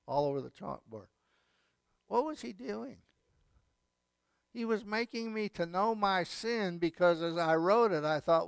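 A man's voice: high voice, expressive, unhurried, gravelly, long pauses, clean tone, dry recording. A male pastor giving a sermon, emphatic, with repeated phrases and casual asides. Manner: emphatic preaching with repetition and asides.

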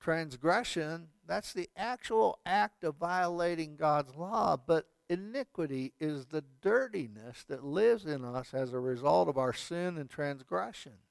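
A man's voice: fairly high pitch, expressive, unhurried, gravelly, few pauses, dry recording. A male pastor giving a sermon, emphatic, with repeated phrases and casual asides. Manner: emphatic preaching with repetition and asides.

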